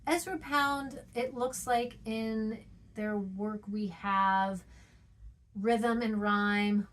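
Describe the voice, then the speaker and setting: A woman's voice: mid-range voice, fairly even intonation, very slow, fairly bright tone. A woman teaching a poetry lesson, chatty, checking in with "okay?" and "right?", and sounding out rhythms with playful noises.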